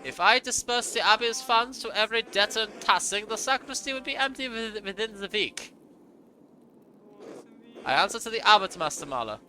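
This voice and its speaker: A man's voice: high-pitched, lively intonation, moderate pace, sharp tone, faint music behind, voice pushed up, exaggerated voice. A man putting on a stern German-accented monk. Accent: mock German. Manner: formal, rule-bound, stiffly polite. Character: stern pious male monk sacrist, middle-aged. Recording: noisy home recording.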